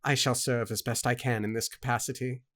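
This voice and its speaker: A man reading the lines of a formal lord who is newly made king, in a measured, formal way. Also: mid-range voice, steady tone, a bit bright, close to an everyday voice.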